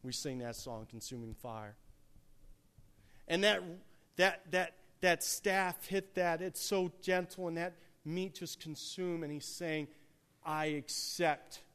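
A man preaching a sermon, swinging from hushed, quiet passages to loud, emphatic peaks. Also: on the high side, takes it slowly, clear, resonant tone.

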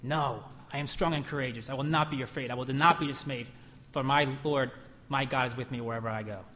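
A man's voice: medium pitch, steady tone, brisk, a bit bright, slight background noise. A man preaching a sermon in a church, emphatic, asking the room questions and acting out whispered lies. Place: church hall. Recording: long hall reverb.

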